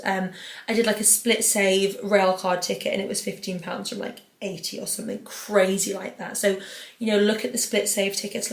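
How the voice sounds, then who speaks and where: A woman's voice: medium pitch, creaky. A young British woman hosting an advice podcast, chatting casually with lots of "like" and reading out listener letters. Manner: chatty, fills nearly every phrase with "like"; reads out listener letters, then answers them. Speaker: podcast host giving advice. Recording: roomy echo.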